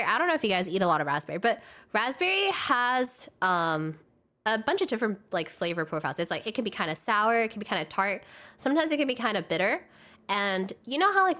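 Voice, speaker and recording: A young woman streaming live, telling stories from old jobs in loose, slangy chat. She is animated and laughs often, jumping into the voices of the people she quotes. Her voice sits at a middle pitch for a woman. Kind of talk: casual storytelling chat.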